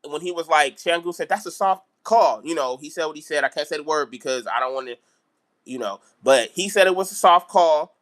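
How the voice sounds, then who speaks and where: Ranting man, high and bright. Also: fairly quick. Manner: animated, repetitive ranting. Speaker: basketball vlogger. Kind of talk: live-stream sports rant.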